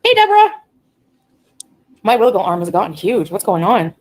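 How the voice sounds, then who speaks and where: A woman's voice: on the low side, fast, low-quality recording. A woman on a casual livestream, talking bluntly, ranting and reading chat aloud.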